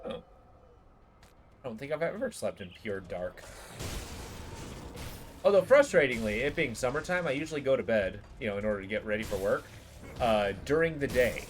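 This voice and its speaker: A man's voice: medium pitch, big pitch swings, moderate pace, long pauses, a little hiss or hum. A man livestreaming a game, chatting casually with his viewers in a rambling way full of fillers. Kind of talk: casual chat while gaming.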